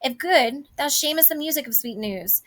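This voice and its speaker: A woman's voice: high-pitched, animated, normal speed, fairly bright tone, pitched above the performer's own voice. A woman reading the lines of an impatient, lovesick teenage girl from a play, eager and pleading.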